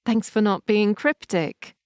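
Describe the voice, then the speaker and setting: A woman voicing a young female vampire heir in an audiobook, with a higher, urgent and emotional delivery. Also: unhurried, darkish tone, no echo, studio quality. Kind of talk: audiobook character reading.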